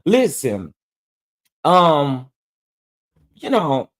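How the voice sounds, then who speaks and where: A man's voice: fairly high pitch, wildly swooping pitch, drawn-out words. A man hosting a casual live stream, greeting viewers one by one in a drawling, affectionate way. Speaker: livestream host.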